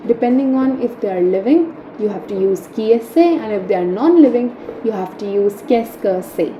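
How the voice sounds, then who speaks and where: A woman's voice: fairly high pitch, mellow. A young woman teaching French grammar, explaining step by step and checking in with "right?" after key points. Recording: echoey room, faint hum.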